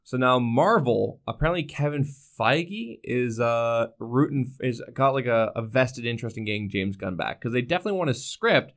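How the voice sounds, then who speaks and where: Young male podcast co-host, mid-pitch, riffing in loose profane rants. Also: normal speed, hardly any pauses. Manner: animated, swearing, ranting. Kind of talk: casual chat.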